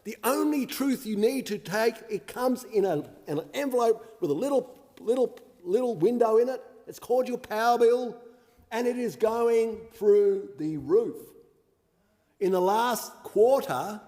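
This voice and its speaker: An Australian man with a high voice argues his point in a sarcastic, combative parliamentary speech. His words ring out with a long reverb through a large chamber. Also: animated, unhurried, warm tone. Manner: combative and sarcastic, mocking opponents. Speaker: member of parliament.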